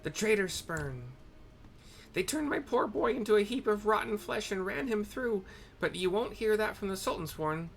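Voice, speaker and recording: A man's voice: high voice, expressive, moderate pace, vocal fry, voice pushed up. A man voicing a fierce, grieving old woman who presses every point with "eh?" and a turn of speech. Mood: bitter. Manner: accusing, repeats "eh?" to press her point.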